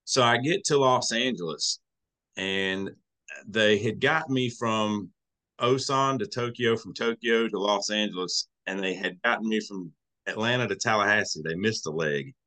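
Man, Southern country accent, folksy storyteller, bright and forceful tone, lowish voice. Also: moderate pace. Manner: folksy, emotional, acts out quoted voices. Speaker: podcast guest. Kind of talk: casual storytelling.

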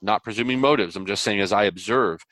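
A man as an interview guest, talking earnestly and animatedly, with lively quoted voices and preacher-like biblical illustrations. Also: fairly low pitch, fast talker, no echo. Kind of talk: conversational interview.

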